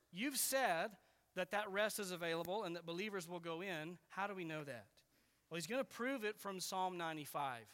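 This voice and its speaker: A man's voice: sits high, bright, forceful tone, long reverb tail. A man preaching an expository sermon in an earnest, explaining way, leaning hard on key words.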